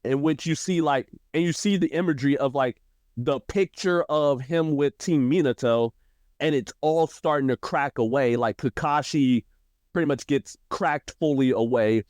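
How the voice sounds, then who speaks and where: Guy on a podcast breaking down anime plot, animated, does little character voices, dry close mic. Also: moderate pace, dry recording. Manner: animated, acts out character quotes with shifting pitch. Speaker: podcast co-host. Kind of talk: casual anime discussion.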